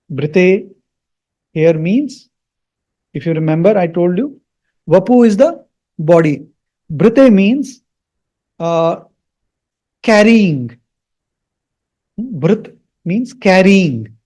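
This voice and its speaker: A man teaching the meaning of a Sanskrit mantra, slowly repeating each word for learners. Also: sits high, warm tone, dull audio. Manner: slow, repeats words for learners.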